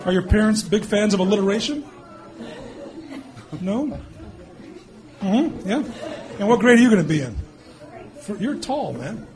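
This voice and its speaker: A man in his fifties or sixties, a mayor teasing children at a public meeting with quick jokes and frequent laughs. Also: high voice, very animated, darkish tone. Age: born 1964, 50s or 60s. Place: meeting hall with an audience. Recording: crowd noise behind. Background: crowd.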